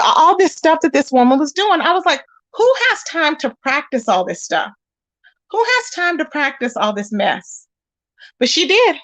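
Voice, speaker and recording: A woman hosting a casual commentary channel, animated and sassy, talking straight to her listeners about online drama. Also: high voice, dry recording. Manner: animated and sassy, calls listeners y'all and baby.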